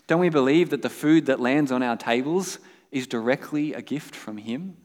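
A man's voice: medium pitch, normal speed, darkish tone, big-room sound. A man preaching a sermon as pastor, earnest and emphatic, asking his listeners rhetorical questions.

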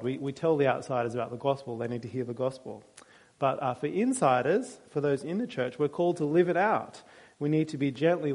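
A man's voice: a little high, darkish tone. A male pastor preaching a sermon in a church, conversational and with dry humor.

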